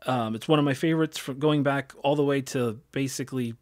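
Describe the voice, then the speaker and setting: A man's voice: mid-range voice, fairly even intonation, fairly quick, darkish tone. A man in his thirties hosting a gaming podcast in casual chat, rambling with many fillers and restarts. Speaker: podcast host.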